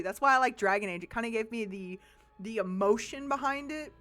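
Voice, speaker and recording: Woman streamer rambling thru a game, swears a bunch, low music behind. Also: fairly quick, a bit bright. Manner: thinking aloud, swears casually. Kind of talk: casual gameplay commentary.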